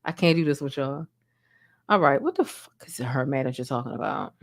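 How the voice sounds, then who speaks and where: A woman's voice: very deep voice, lively intonation, brisk. A woman from Baltimore hosting a casual live-stream commentary, sassy and goofy, sleepy from being up before dawn.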